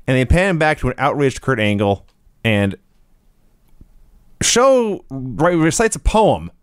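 A man's voice: mid-range voice, sing-song, slow, clean tone, no room sound, clean studio sound. A man co-hosting a podcast, recapping wrestling from his notes in a matter-of-fact casual way. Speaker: podcast co-host.

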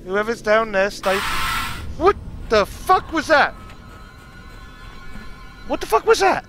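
A man's voice: extremely high pitch, very animated, slow pace, over music. A young man streaming a horror game live, swearing constantly and yelping at every scare. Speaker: gaming streamer.

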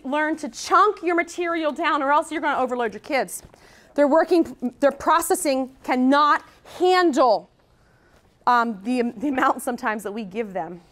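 High-voiced chatty woman presenter. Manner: energetic, chatty, says "okay?" often. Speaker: workshop presenter. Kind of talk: conference workshop talk. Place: conference room.

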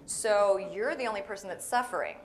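A woman preaching a guest sermon in a playful, conversational way, often turning to the audience with quick asides. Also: mid-range voice. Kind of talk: humorous sermon. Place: spiritual center hall.

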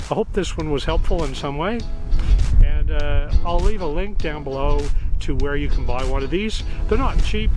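A man narrating a casual how-to vlog in a friendly, chatty way. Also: medium pitch. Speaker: vlogger.

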